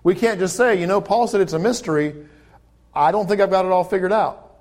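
A male pastor preaching a sermon, reading scripture aloud and then explaining it in conversational asides. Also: sits high. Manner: rises to loud, slow, emphatic preaching when reading scripture; conversational asides between quoted verses.

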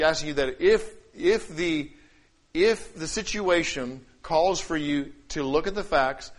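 Man preaching with dramatic swings. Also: fairly high pitch. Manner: dramatic, acts out quoted voices and scripture; shifts between loud declaiming and quiet asides. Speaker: pastor. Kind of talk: sermon.

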